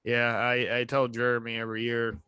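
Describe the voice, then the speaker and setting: A man's voice: medium pitch, monotone, fairly quick, bright, forceful tone. A man hosting a fan podcast, chatting casually and teasing his guest with jokes. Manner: joking, teasing banter. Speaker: podcast host. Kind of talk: casual chat.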